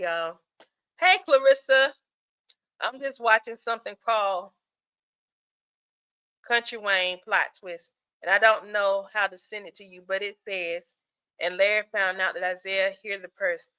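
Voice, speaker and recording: A woman hosting a casual livestream, reading viewer comments aloud, chatty and quick to laugh while sleepy and yawning. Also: mid-range voice, smooth, lo-fi sound. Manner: chatty, laughs often, talks straight to viewers. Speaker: livestream host.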